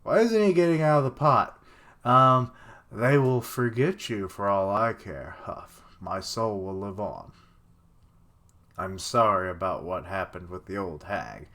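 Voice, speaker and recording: A man's voice: lowish voice, expressive, unhurried, fairly bright tone. A young man streaming a live reaction to a manga chapter, thinking aloud with rambling fillers and sudden outbursts. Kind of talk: live reaction, casual commentary.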